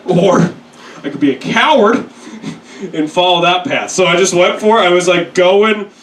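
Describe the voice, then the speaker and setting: A man's voice: sits high, a bit bright, slight background noise. Young man doing crude stand-up. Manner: crude, self-deprecating storytelling with quick put-on voices. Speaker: stand-up comedian. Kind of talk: stand-up set. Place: comedy club stage. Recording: echoey room, mic at a distance. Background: audience laughter.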